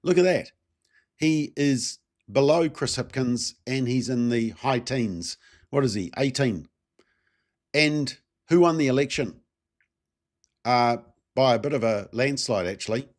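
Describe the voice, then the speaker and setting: A man's voice: medium pitch, a little slow, pauses often. New man, solo commentary host, easygoing and rambling, asks the audience questions. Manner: conversational, many fillers, rhetorical questions to viewers. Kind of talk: casual solo political commentary.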